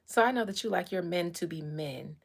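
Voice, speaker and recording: A woman hosting a casual livestream, telling stories in a candid, animated way with blunt language. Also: lowish voice, fairly quick, vocal fry, husky. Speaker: real estate agent and livestream host.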